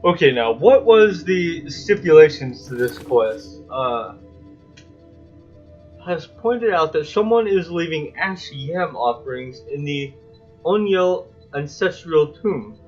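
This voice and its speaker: A man's voice: on the high side, lively intonation, slow pace, lo-fi sound, faint music behind. Crude joking male gamer. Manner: crude, joking, swears freely. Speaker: gameplay commentator. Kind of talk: casual gameplay commentary.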